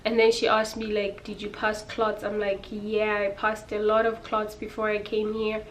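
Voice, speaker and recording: A woman's voice: medium pitch, monotone, normal speed, a little hiss or hum. A young woman vlogger telling a personal story to her viewers in a candid, emotional, casual way.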